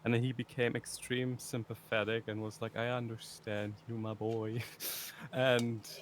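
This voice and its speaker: A man's voice: mid-range voice, level tone, a little slow, slight background noise. A young man streaming, chatting casually and rambling through a story with frequent laughter. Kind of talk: casual chat.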